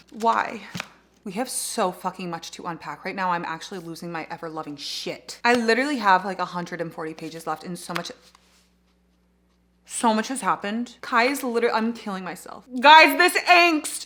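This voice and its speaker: A woman's voice: mid-range voice, animated, moderate pace, a bit bright. A young woman vlogging her reading, reacting emotionally and swearing freely. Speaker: book vlogger.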